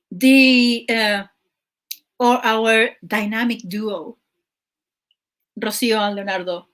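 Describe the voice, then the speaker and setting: A woman's voice: a little high, fairly bright tone. A woman hosting her show, casually recapping a telenovela in a chatty, exasperated way with lots of fillers. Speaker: show host.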